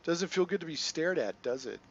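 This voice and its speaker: A man's voice: fairly high pitch, lively intonation, brisk, dull audio, a little hiss or hum, voice pushed up. A man reading out the lines of a frail, defensive mutant teenage boy in a video game, in a raised, defiant voice. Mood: guarded.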